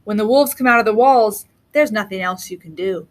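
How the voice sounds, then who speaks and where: A woman's voice: medium pitch, brisk, close to an everyday voice. A woman reading aloud, voicing an absent-minded, fatalistic father in a near-plain voice. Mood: offhand.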